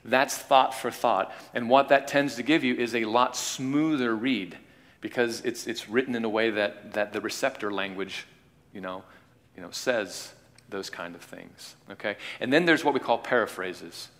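A man teaching an informal class on Bible translation, talking in a halting way with frequent restarts and repeated words. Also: medium pitch, fairly bright tone. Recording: long hall reverb.

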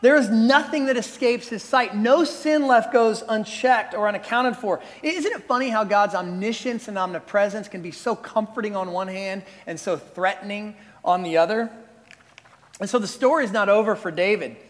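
High-voiced male pastor in a reverberant hall. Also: moderate pace. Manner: animated storytelling, conversational asides. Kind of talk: sermon.

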